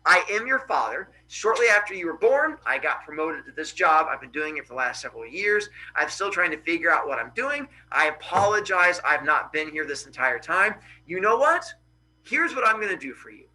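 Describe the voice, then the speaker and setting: A man's voice: high-pitched, bright, forceful tone, exaggerated voice, low-quality recording. A man voicing a weary, dad-like adult sun god who talks in a casual, apologetic but firm way.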